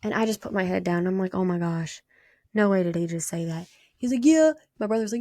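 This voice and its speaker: A woman with a Southern US accent hosting a podcast, chatting and telling animated stories in a casual way. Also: medium pitch, no echo. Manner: chatty, animated retelling with quick quoted voices. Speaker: podcast host. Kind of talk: casual storytelling monologue.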